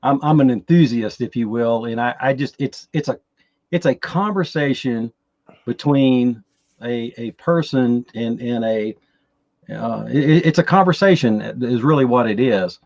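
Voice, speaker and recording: A man with a Texan accent, a guest on a podcast, explaining things in a halting way and often repeating his words. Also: medium pitch, a little mellow, no room sound, dull audio. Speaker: podcast guest, chatbot enthusiast. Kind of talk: casual interview talk.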